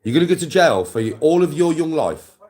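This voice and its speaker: A man's voice: on the high side, very animated, a little fast, a little mellow. A middle-aged man with an English accent, delivering a blunt, coarse, swearing monologue straight at the viewer as a live-stream host. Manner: lectures the viewer directly, answers chat.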